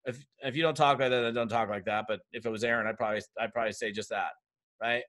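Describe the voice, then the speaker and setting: A man coaching a group of network marketers on a video call, direct and energetic, talking straight to his audience. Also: mid-range voice, fast talker.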